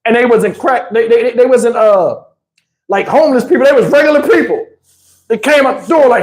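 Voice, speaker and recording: This storytime host talks fast in an extremely high-pitched voice, captured on poor audio. With lively energy, he performs the quotes in his story and breaks into laughter mid-telling.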